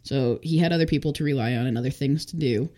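Woman in her twenties, podcast guest, relaxed chatty testimony, lots of "like". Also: a bass voice, fast. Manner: chatty, full of fillers, acts out quotes. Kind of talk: casual testimony interview.

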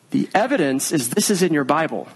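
An earnest male pastor preaching in a conversational, unhurried way. His voice sits a little high for a man. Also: breathy edge, rough recording. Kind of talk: sermon.

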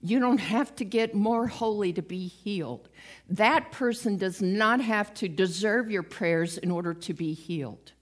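A woman's voice: medium pitch, measured pace. A woman giving a conversational sermon, retelling stories with acted-out quotes and a light, self-mocking humor. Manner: lively storytelling, acts out quoted voices, laughs at herself. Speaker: preacher.

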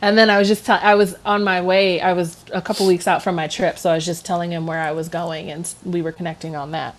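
A woman co-hosting a casual podcast, chatty and quick to laugh. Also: fairly low pitch, flat delivery. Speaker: co-host.

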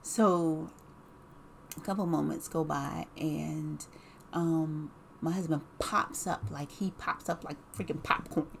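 A woman's voice: deep voice, fairly even intonation, slow pace, gravelly, slight background noise. A woman telling a personal story in a casual, rambling way, with many fillers, restarts and repeated words.

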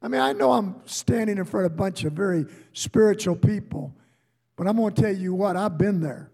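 A man preaching a sermon to a congregation, swinging from shouted high rises to hushed low asides. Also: a little fast, creaky, in a large hall. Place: church before a congregation.

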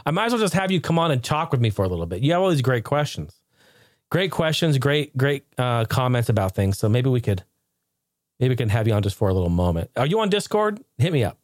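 A man's voice: medium pitch, fast talker, no echo, clean studio sound. A man hosting his own podcast, chatting casually and telling stories with frequent laughs. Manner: animated storyteller, laughs often. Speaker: podcast host.

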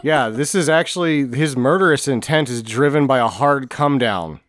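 A man co-hosting a comedy podcast who drops deadpan one-liners about a movie. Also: medium pitch, moderate pace, no room sound, clean studio sound. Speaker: podcast co-host. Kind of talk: casual comedic banter.

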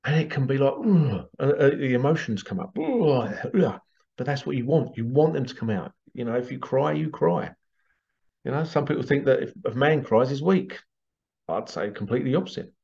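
Speaking a little fast, this man has a medium-pitched, gravelly, darkish voice, recorded with lo-fi sound. He's a healing therapist in a casual monologue to camera, rambling, repeating phrases, and acting out quoted voices.

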